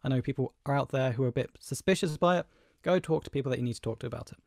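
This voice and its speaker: A young man co-hosting a casual podcast, jokey, with quick interjections. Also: mid-range voice, a little mellow, dry recording, clean studio sound. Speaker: podcast co-host. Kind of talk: casual chat.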